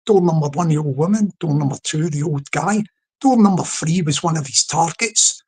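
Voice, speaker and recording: A man with a London accent talks through a late-night solo live stream, his voice sitting a little high and sounding husky. He rambles and restarts, breaking off to greet people in the chat as he spins a comic story. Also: darkish tone. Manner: rambling, halting, with many restarts and asides to the chat; humorous storytelling.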